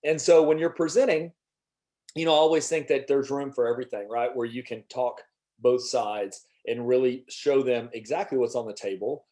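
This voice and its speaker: A man hosting a sales workshop, giving a casual, energetic motivational talk full of restarts and little jokes. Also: mid-range voice, moderate pace. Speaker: workshop host.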